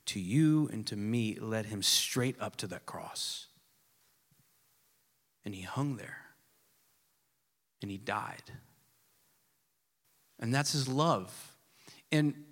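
A pastor preaching a sermon with earnest emphasis that drops at times to a hushed, soft delivery. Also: male voice, a little high, expressive, slow, pauses often. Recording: long reverb of a large hall.

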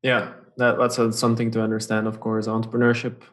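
A man hosting a podcast, speaking casually and haltingly, often restarting words and laughing easily. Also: on the low side, monotone, a bit bright. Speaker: podcast host. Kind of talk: casual interview conversation.

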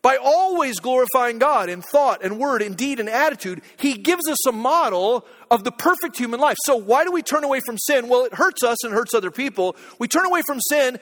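A man's voice: extremely high pitch, animated, fairly quick, hardly any pauses, a bit bright, in a large hall. A middle-aged male pastor preaching a sermon in a conversational storytelling manner, often checking in with listeners, in a church.

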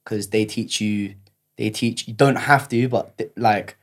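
A man with a fairly low voice gives casual advice as a podcast guest. He talks in slang and circles back, repeating words as he finds his way. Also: a little slow. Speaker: actor guest.

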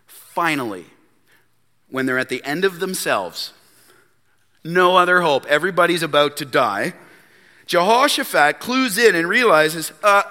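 A man preaching a sermon as pastor, animated and acting out the Bible characters with sarcasm. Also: on the high side. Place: church sanctuary. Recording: long church hall reverb.

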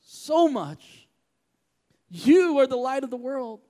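Man, pastor, church sermon, very high voice, passionate, emphatic, repetitive. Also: lively intonation, a little slow.

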